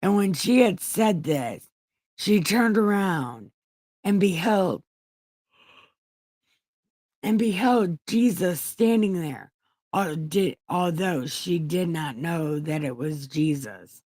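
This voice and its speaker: Slow, irreverent woman reading scripture. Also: on the low side, lively intonation, darkish tone, no echo. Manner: irreverent asides, casual swearing. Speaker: online show host. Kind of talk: comedic Bible reading.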